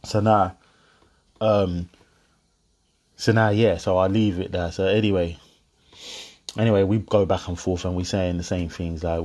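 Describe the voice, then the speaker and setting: A young man with a lowish voice, talking straight to his viewers. He tells a story about a row with his partner and laughs through it. He plays both sides of the argument in an animated way. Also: a little slow, long pauses. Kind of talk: casual monologue to viewers.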